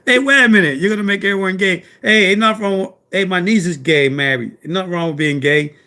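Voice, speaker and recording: Male live-stream host, slightly high pitch, loud, playful, rambling, answers chat by name. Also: a little fast.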